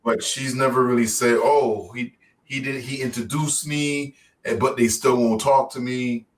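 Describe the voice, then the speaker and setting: A man's voice: mid-range voice, steady tone, unhurried, a little hiss or hum. A man on a casual panel debate, asking questions and reasoning points through.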